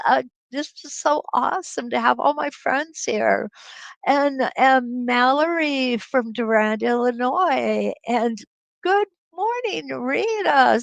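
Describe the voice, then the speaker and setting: A middle-aged woman hosts a live quilting stream, chatting casually and laughing as she greets viewers by name. Her voice sits high and is creaky, picked up by a computer webcam mic in a low-quality recording with no echo.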